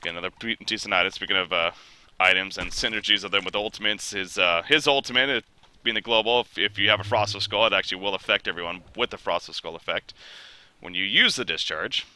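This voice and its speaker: A young man casting an esports match, his voice worn hoarse from being under the weather, climbing into shouts when fights break out. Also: on the low side, quick pace. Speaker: esports caster. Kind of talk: play-by-play esports commentary.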